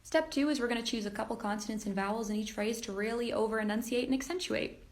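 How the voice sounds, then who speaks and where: A woman's voice: a little high, fast. A woman explaining step by step, in an upbeat and chatty way, how to sing like pop singers. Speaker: singer and impressionist. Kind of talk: casual singing tutorial.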